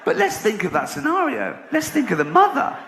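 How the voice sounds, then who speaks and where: A man's voice: sits high, huge pitch swings, fairly quick, creaky, a bit bright. Brash man doing stand-up, echoey hall. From England. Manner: brash, profane, storytelling with laughter. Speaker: comedian. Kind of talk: stand-up comedy. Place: live comedy venue. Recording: echoey live venue with room noise.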